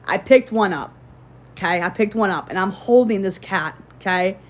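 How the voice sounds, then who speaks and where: On a livestream, a young Illinois woman with a medium-pitched voice talks at a moderate pace, the recording's highs cut off. She tells her viewers a meandering story full of fillers and false starts.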